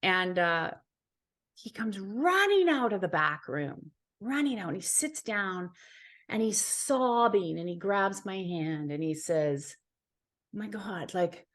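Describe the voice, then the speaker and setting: A woman's voice: mid-range voice, expressive, slow pace, fairly bright tone. A woman from Ontario, Canada, a healer and psychic, telling a personal story as an interview guest in an earnest, heartfelt way, repeating phrases for emphasis.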